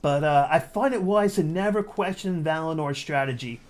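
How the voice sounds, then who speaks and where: A man giving live play-by-play commentary on a strategy game, talking to viewers as guys and building to excited near-shouting at big plays. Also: a little high, normal speed. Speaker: game caster.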